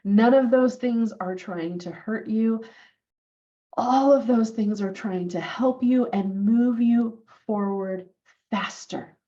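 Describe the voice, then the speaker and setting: A woman in her forties telling a personal story on her vlog. She is animated and acts out what other people said, using it to coach business owners. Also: on the high side, slow pace, highs cut off. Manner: animated, acts out quoted lines.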